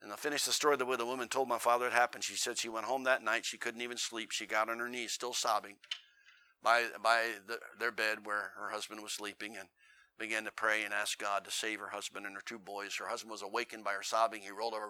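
A man's voice: on the low side, level tone, fast talker, sharp tone. A male preacher telling stories in a sermon, with a folksy, earnest and dramatic way of talking. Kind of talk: storytelling sermon.

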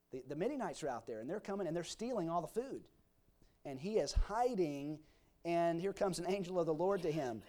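A man's voice: high-pitched, darkish tone. A man preaching a sermon, reading scripture aloud and explaining it with folksy everyday examples. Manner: reads scripture aloud in King James wording. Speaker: pastor. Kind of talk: expository sermon.

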